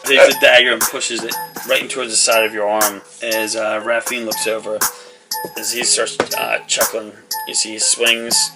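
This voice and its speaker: A man's voice: fairly low pitch, level tone, moderate pace, vocal fry, low-quality recording. A man narrating a tabletop game as game master, rambling with lots of fillers as he describes the action. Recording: loud background music.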